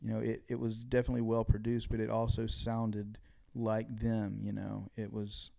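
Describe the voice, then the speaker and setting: A man guest on a podcast speaks in a soft, hesitant way, starting sentences twice. His voice is mellow and gravelly, fairly flat in tone. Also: fairly low pitch, normal speed. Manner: soft-spoken, hesitant, repeats words. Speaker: guest songwriter. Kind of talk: casual interview chat.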